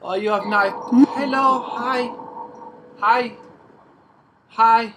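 A man's voice: extremely high pitch, fairly even intonation, slow pace. An English man bantering cheekily on a video chat, teasing and joking. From England. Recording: noisy webcam chat audio.

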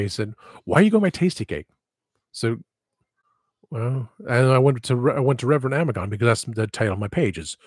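Husky guy rambling on his livestream, dry close sound, keeps going off on tangents. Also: medium pitch, dry recording. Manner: rambling, digressive, self-deprecating. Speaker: livestream host. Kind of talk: casual livestream chat.

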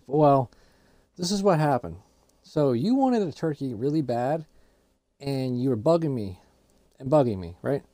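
A man's voice: mid-range voice, lively intonation, a little slow, pauses often, mellow, dry recording. A man hosting gameplay commentary, telling a story in casual banter. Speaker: gaming channel host.

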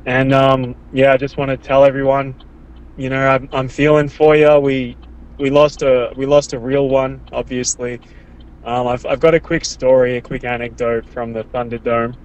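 A male caller with a flat, level delivery, quiet and somber. The sound is dull and muffled. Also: mid-range voice, normal speed, clear, resonant tone. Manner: subdued, somber.

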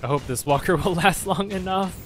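A man's voice: high voice, fairly quick, soft background music. A man giving let's play commentary on a game, swearing often and yelping at enemies. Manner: profane, excitable, yelps at enemies. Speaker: gamer.

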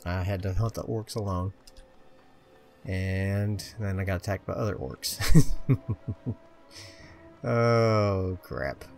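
Gravelly low guy mumbling through a game playthrough, slow and easy, faint game music under it. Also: a little mellow. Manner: chatty, muttering to himself, self-mocking. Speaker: gameplay commentator. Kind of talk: casual let's-play commentary.

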